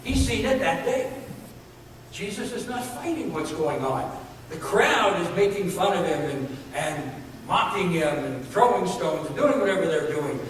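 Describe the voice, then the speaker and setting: An animated, unhurried preacher with a high voice gives an earnest sermon in a church sanctuary, using repeated phrases to build emphasis. The recording is distant and echoey, hall-like, with slight background noise.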